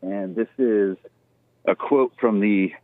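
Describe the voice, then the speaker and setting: A man calling in by phone while walking his dog outside, out of breath, reading a passage aloud haltingly and giving blunt opinions. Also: on the low side, dry recording. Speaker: caller. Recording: tinny phone line.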